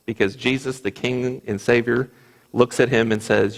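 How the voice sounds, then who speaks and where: An earnest man teaches a Bible class in a church, often restarting his sentences as he quotes scripture. His voice is gravelly, with a middle pitch, and it rings with the long reverb of the hall. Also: steady tone, measured pace.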